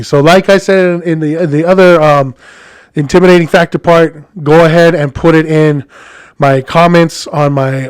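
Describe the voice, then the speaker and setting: A man's voice: a little high, smooth, dry recording, clean studio sound. A man with a Hawaiian accent telling a story as a podcast host, in a rambling, chatty monologue addressed to his listeners.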